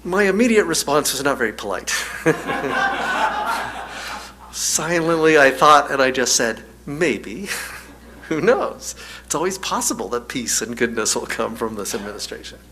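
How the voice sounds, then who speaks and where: Wry, bright-voiced male minister preaching. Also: mid-range voice, animated, normal speed, slight background noise. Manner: storytelling, wry, laughs often. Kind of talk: sermon.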